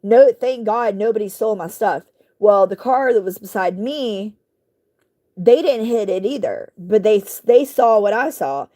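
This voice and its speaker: A woman vlogger telling a story in casual speech. She rambles with lots of fillers and asides and keeps clearing her throat. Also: medium pitch, measured pace. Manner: rambling, animated retelling with many fillers and asides.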